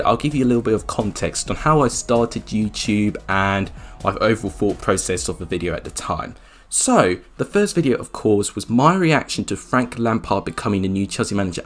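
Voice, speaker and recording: Chatty young man. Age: around 20. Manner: chatty, self-mocking, jumps up in pitch when surprised. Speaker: YouTuber. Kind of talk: casual reaction commentary.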